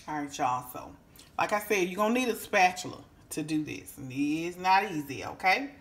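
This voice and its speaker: Folksy lady showing off a cake in her home kitchen, lowish voice, lots of honey and baby, humming over the food. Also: lively intonation, normal speed, a little hiss or hum. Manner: exclaims and hums over the food. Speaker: cooking show host. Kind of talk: home cooking demo vlog.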